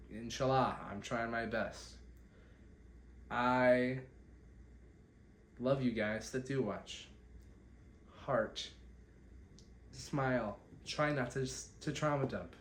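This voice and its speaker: A young man hosting a solo podcast, rambling and self-deprecating as he catches viewers up, recorded on a phone. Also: mid-range voice. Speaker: podcast host. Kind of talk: solo catch-up vlog talk. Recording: echoey room, faint background hiss.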